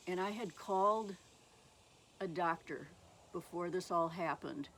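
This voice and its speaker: Slow, halting woman giving a testimony. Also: fairly low pitch, slight background noise. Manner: slow, halting, with many pauses and fillers. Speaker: speaker sharing her testimony. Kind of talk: personal testimony.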